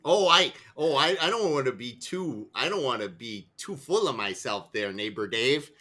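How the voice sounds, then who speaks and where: A man's voice: mid-range voice, expressive, normal speed, sharp tone. A man playing a tabletop role-playing game, improvising in character in a playful, stammering way. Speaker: player.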